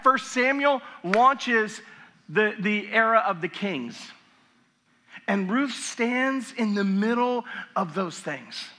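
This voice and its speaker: A man's voice: very high voice, sharp tone. A middle-aged male pastor giving a sermon, telling stories in a chatty way with acted asides. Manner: conversational storytelling with acted asides.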